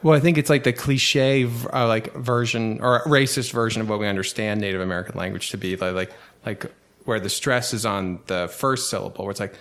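A man co-hosting a podcast who explains things in a rambling way full of fillers. His voice sits on the low side. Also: a little fast, a bit bright. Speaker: podcast co-host. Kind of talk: casual explanation.

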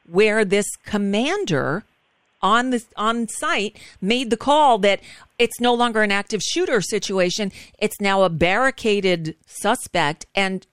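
A woman's voice: mid-range voice, smooth, no echo, studio quality. A woman guest hosting a radio talk show, chatting frankly and casually, often restarting her sentences.

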